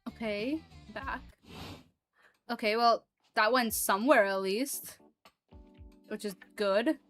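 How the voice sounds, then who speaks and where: A woman streamer casually commenting on a game, with dry, deadpan reactions. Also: a little high, slow, soft background music.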